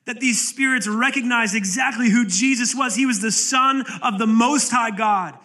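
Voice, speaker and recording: A man preaching a sermon as pastor, passionate and dramatic, dropping to low, quiet lines for emphasis and acting out quoted pleas. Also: normal speed. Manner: impassioned preaching with sudden drops to low, quiet delivery; acts out quoted pleas with rising intensity. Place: church sanctuary.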